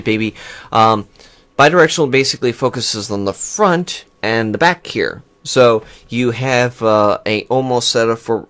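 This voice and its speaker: A man's voice: lowish voice, a bit bright. Rambling man reviewing his desk mic. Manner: rambling, restarts sentences, switches mic settings while talking. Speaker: gaming channel host. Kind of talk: casual microphone review. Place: home computer room with whirring fans. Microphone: USB desk microphone, switching pickup patterns.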